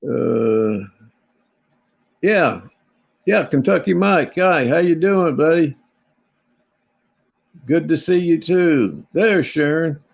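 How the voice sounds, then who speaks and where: Guy drawling real slow, gravelly voice, plainspoken, muffled lo-fi tablet audio. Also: fairly high pitch, expressive. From Oklahoma. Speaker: guest on a livestream. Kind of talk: casual livestream chat.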